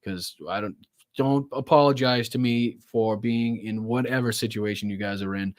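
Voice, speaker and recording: A man hosting a political livestream, talking casually and rambling with lots of swearing and quick apologies. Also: medium pitch, fairly even intonation, dry recording, studio quality. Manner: profane, rambling, apologetic asides. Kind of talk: casual live commentary.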